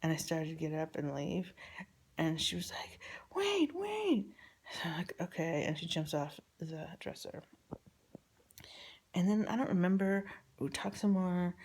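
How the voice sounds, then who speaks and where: A woman telling a personal story about her family in a rambling, halting, confessional way, often dropping to a near whisper. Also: sits low, steady tone, darkish tone.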